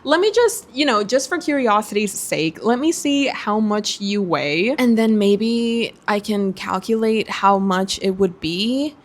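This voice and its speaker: A woman's voice: mid-range voice, a little slow, hardly any pauses. A young woman vlogging casually to camera as she browses online, chatty and giggly, talking to herself. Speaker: book vlogger.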